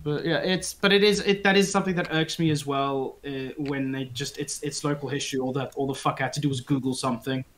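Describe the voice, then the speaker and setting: A man from Africa, telling stories in animated, profane casual chat as a tabletop game player. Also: medium pitch, fast talker, few pauses. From South Africa.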